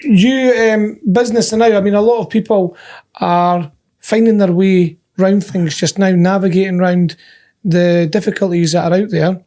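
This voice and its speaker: A Scottish man with a notably high speaking voice, bantering on a podcast. He tells stories in a loose, chatty way and laughs often between points. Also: steady tone, moderate pace, dark tone. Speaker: podcast co-host. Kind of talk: casual banter.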